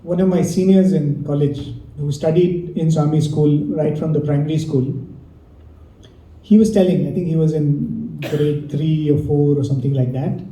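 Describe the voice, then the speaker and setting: A man's voice: fairly high pitch, mellow. A young adult man telling amused anecdotes at a devotional gathering, with a distant mic in a hall. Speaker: devotional speaker. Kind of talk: storytelling talk at a devotional gathering.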